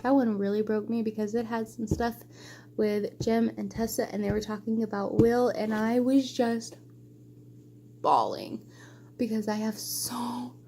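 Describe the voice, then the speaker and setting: With a mellow voice that's a little high, a young book vlogger rambles casually through a wrap-up of her reads. She gushes emotionally and keeps wandering off into asides, and a slight hiss or hum sits under the recording.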